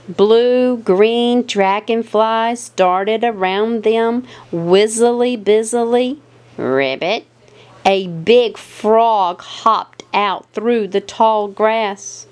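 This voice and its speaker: A woman's voice: mid-range voice, extremely slow, clean tone. A woman reading a children's picture book aloud with a playful, sing-song delivery. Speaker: storyteller.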